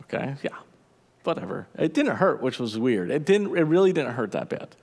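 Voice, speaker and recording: A male pastor preaching a sermon, telling a story with lively energy and laughing at himself. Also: mid-range voice, normal speed, vocal fry. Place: church auditorium. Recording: church hall reverb.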